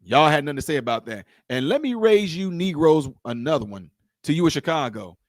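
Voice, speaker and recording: A man holds forth in a heated political rant to his viewers. His voice sits high for a man and is captured in a dry, close space with no room sound. He talks confrontationally, circling back to the same lines and challenging the listener with question after question. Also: big pitch swings, a little fast, no room sound. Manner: confrontational, repetitive, rhetorical questions. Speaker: political commentator.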